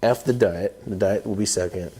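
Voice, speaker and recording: A man co-hosting a podcast, talking casually and telling animated stories. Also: on the low side, moderate pace, husky. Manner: animated storyteller who acts out his own inner voice. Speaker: podcast co-host.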